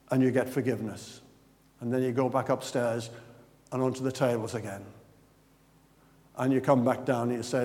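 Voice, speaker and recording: A man's voice: mid-range voice, normal speed, long pauses. Man preaching with questions in an echoing hall. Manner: questions the congregation, animated and conversational. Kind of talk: sermon. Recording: long reverb of a large hall.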